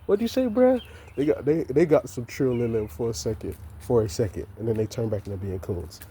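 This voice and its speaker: A man's voice: medium pitch, brisk, warm tone, a little hiss or hum. A man giving an impassioned, profane monologue, repeating himself and stumbling over restarts. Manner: heated, repetitive, stammers and restarts. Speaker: vlogger.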